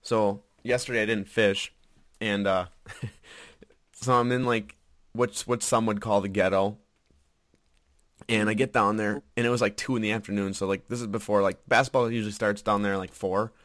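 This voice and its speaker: A man telling stories in casual chat, profane and animated, often laughing. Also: fairly low pitch, normal speed, no room sound, clean studio sound. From Wisconsin.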